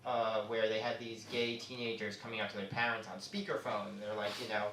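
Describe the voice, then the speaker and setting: A man performing a stand-up comedy set on a club stage, with quick asides as he moves between jokes. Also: fairly low pitch, background noise. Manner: lively, joke-driven, quick asides. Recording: echoey club from far off.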